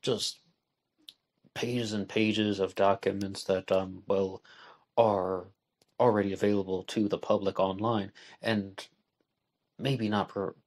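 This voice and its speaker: A man hosting a solo podcast, talking in a measured, deliberate way and spelling things out letter by letter. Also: lowish voice, level tone, darkish tone. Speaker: podcast host. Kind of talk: solo podcast book discussion.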